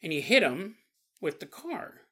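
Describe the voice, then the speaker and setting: Animated, laughing male podcast host. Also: high-pitched, measured pace, husky. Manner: animated, laughs often, acts out silly voices. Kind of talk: rambling comedic monologue.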